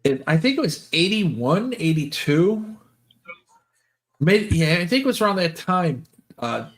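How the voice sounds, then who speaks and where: An older man chatting casually, rambling through stories and acting out what people said. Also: fairly high pitch. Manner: rambling, lists names, acts out quotes. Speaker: podcast host. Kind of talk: casual storytelling chat.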